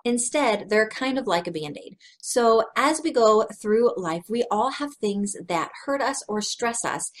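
A woman in her thirties giving a devotional teaching talk, earnest and conversational, telling personal stories frankly. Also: mid-range voice. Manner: earnest and conversational, slow and deliberate. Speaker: Christian speaker.

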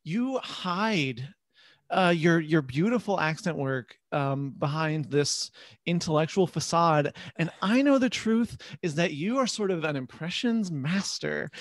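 A man's voice: a little high, lively intonation, measured pace, no room sound. A man co-hosting a podcast, teasing his friend in casual, playful banter. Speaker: podcast co-host.

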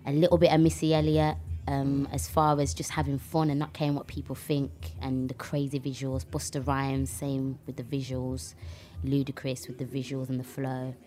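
A woman's voice: very deep voice, normal speed. A young woman with a Birmingham accent, a rapper talking animatedly in a casual interview. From England. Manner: animated, with fillers and restarts. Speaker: rapper, guest.

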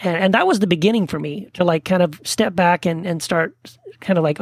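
A man's voice: sits high, a little fast, dry recording, studio quality. A man from Texas, a guest author, telling stories in a casual conversation and acting out the quotes. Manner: animated storyteller, acts out quotes.

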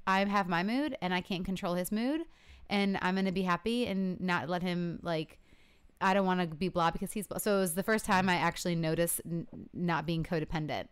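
A woman's voice: fairly low pitch, brisk, clear, resonant tone. A woman co-hosting a casual chat with her partner, talking freely, laughing often and acting out what she said to him. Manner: chatty, laughs often, acts out quoted lines.

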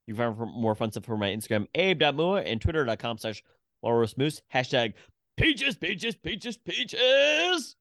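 A man's voice: medium pitch, fairly quick, no room sound, studio quality. A man co-hosting a movie podcast who teases and jokes in a casual chat. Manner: teasing, joking. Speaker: podcast co-host.

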